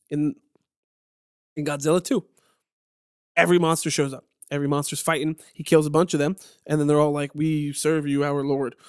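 A man co-hosting a casual podcast chat, animated and swearing, often exasperated with his co-host. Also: fairly high pitch, no room sound, studio quality.

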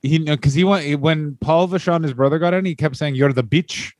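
A man's voice: a little high, fairly quick, darkish tone, no room sound. Joking Canadian man riffing in a dry room. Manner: riffing, profane, mock-acts quoted people. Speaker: podcast co-host. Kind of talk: casual comedic chat.

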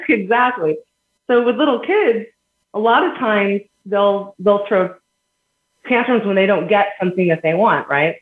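A woman's voice: mid-range voice, a little slow, long pauses. A woman on an echoey phone line. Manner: earnest, explains with everyday examples, laughs between points. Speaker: guest. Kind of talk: conversational podcast interview.

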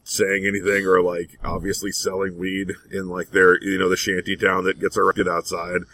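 Brief: low-voiced male podcast co-host, relaxed chatty delivery, bright tone. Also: moderate pace, a little hiss or hum, poor audio. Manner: laid-back, chatty, lots of "like". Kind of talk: casual chat.

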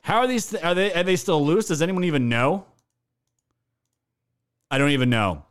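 A man's voice: a little high, big pitch swings, moderate pace, clean tone. A man hosting a casual live stream, reacting to news with crude, mocking jokes and frequent laughter. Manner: profane, mocking, laughs often. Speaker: livestream host.

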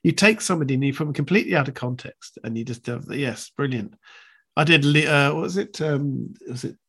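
An older man chats as an interview guest, rambling and animated. His voice has a husky texture at a middling pitch. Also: fairly quick. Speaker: guest impressionist. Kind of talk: casual interview chat.

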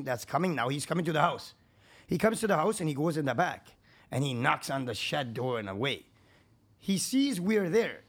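A man with a high voice tells his stories as a podcast guest. His talk is casual, rambling and full of swearing. He drops low for asides and climbs high when a story gets exciting. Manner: profane, animated, rambling anecdotes; swings between low asides and raised excitement.

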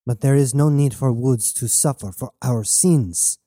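A man's voice: mid-range voice, unhurried, warm tone, dry recording, close to an everyday voice. A man voicing a grieving, resolute woman in an audiobook, firm and controlled, recorded close and dry. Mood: stern. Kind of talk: audiobook narration.

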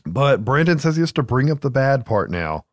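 A man's voice: medium pitch, sing-song, normal speed, no echo, studio quality. A man co-hosting a casual movie recap, loose and profane, laughing easily. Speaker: podcast co-host.

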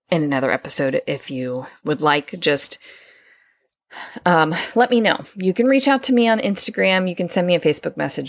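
A woman with a low voice and a gravelly edge hosts her own podcast. She talks in a loose, conversational way, with frequent "um"s and restarts. The sound is dry and close. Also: no echo. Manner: conversational, many fillers and restarts. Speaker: podcast host. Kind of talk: solo podcast talk.

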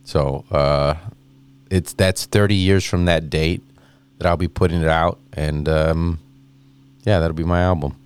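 A man in his thirties, a comedian guest, telling a rambling, animated story and acting out the voices of people in it. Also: very deep voice, a little slow, clean tone. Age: 30s. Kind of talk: casual storytelling anecdote.

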